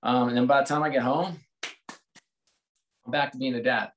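Candid reflective American man, mid-pitched. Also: steady tone, normal speed, fairly bright tone, a little hiss or hum, low-quality recording. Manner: candid, reflective, with frequent restarts. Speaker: guest, sports executive. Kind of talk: conversational interview.

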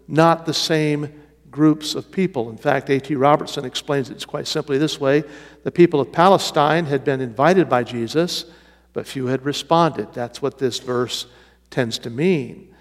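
A man's voice: fairly high pitch, measured pace. A man leading an evening Bible study, teaching methodically and repeating key phrases for emphasis. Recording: reverberant hall sound.

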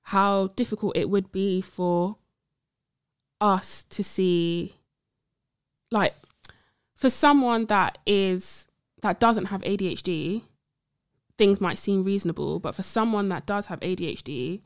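A young woman training as a psychologist talks casually in an interview, rambling and often saying "like" and "do you see what I mean" to check she's understood. Her medium-pitched voice is clean and slow with long pauses, recorded dry at studio quality.

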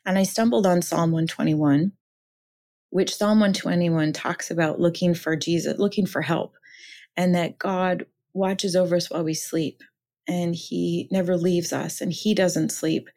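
A woman from Minnesota, an author and counselor, shares her story as a podcast guest. She speaks in a fairly low voice, earnest and reflective as she goes. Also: steady tone, measured pace, dark tone. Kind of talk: personal testimony in conversation.

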